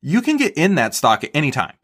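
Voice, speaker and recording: A stock trader appears as a podcast guest, explaining his approach in a relaxed, conversational way. He often restarts words and checks in with "right?". His voice is on the high side, fast and husky.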